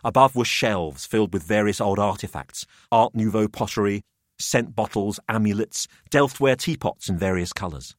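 A man's voice: fairly low pitch, no room sound, clean studio sound. A man reading a macabre story aloud as narrator. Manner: measured storytelling. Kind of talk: audiobook narration.

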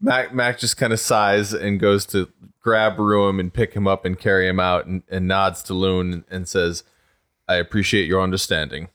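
A man's voice: low-pitched, flat delivery, a little slow, a bit bright. A man playing a tabletop game, joking and describing his character's actions unhurriedly. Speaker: player.

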